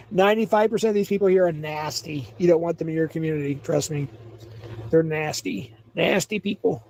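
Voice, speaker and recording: Livestream host, male, high and mellow voice, loose rambling delivery. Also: fairly even intonation, moderate pace, slight background noise. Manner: rambling, reads chat aloud, laughs often. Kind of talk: casual livestream chat.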